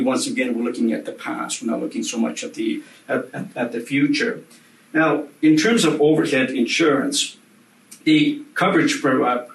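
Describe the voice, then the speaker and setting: Man lecturing from across an echoey room. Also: mid-range voice. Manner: repeats and stresses key words, many fillers. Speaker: insurance instructor. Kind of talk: recorded lecture. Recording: roomy, from a distance.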